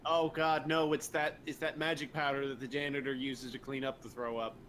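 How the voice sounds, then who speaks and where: A man's voice: mid-range voice, level tone, brisk, fairly bright tone, a little hiss or hum. A man playing in a tabletop game, joking and cautious. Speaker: player. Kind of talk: casual chat at a game table.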